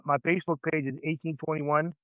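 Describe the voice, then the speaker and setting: A man's voice: a little high, little pitch movement, brisk, clear, resonant tone, no echo, phone-quality sound. A man in his fifties, a veteran guest on a podcast, talking in a rambling, emphatic way and saying "man" constantly. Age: 50s. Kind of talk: casual podcast conversation.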